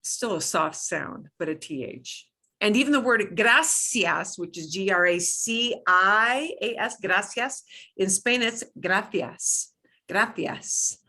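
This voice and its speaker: A middle-aged woman leads a beginner Spanish class, sounding out each word with slow, deliberate care. Her voice is bright and forward, and she takes her time. She repeats words patiently so learners can follow. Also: mid-range voice, expressive. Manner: slow, clear modeling of pronunciation. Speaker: Spanish teacher. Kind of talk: beginner language lesson.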